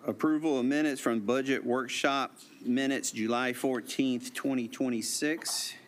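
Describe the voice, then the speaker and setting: A man presiding over a town council meeting, reading a formal proclamation in a measured way. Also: medium pitch, fairly even intonation, a little hiss or hum.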